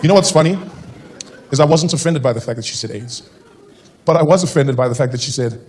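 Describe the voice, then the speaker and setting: A man's voice: fairly high pitch, fairly quick, pauses often, slight background noise. A man from South Africa performing a stand-up comedy routine on stage, telling stories and acting out the people in them. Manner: animated storytelling, voicing people in his anecdotes.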